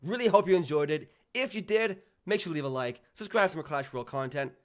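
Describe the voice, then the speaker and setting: A man's voice: on the high side, lively intonation, fast. News-reporter-style man. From Canada. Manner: addresses viewers as guys. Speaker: gaming YouTuber. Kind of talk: gaming commentary video.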